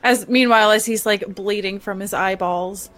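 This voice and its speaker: A woman's voice: medium pitch, steady tone, moderate pace, fairly bright tone, soft background music. A woman playing in a tabletop game, describing her character's actions with hesitant fillers. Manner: hesitant, questioning. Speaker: player. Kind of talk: casual tabletop play.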